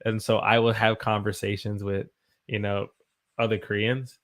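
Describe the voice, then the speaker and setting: A young American man, an English teacher, chatting on a live stream, animated and greeting his viewers by name. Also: fairly low pitch, moderate pace. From United States. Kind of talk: casual live-stream chat.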